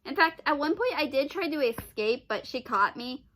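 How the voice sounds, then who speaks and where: High, bright-voiced woman telling a rambling story. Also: lively intonation, normal speed. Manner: rambling with many restarts and exasperated sighs and "ugh"s. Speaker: vlogger. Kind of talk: casual storytelling.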